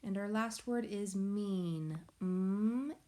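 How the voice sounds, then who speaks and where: Slow, patient woman teaching phonics. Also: medium pitch, animated, vocal fry, darkish tone, a little hiss or hum. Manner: slow, patient, sing-song explaining. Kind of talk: recorded phonics lesson for young children. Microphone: tablet or device mic.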